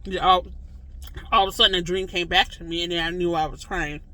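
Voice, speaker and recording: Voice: medium pitch, a little fast, a little hiss or hum. A vlogger telling a story casually to the camera, rambling with lots of "like" and "you know" and acting out reactions. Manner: animated, acts out reactions in quotes.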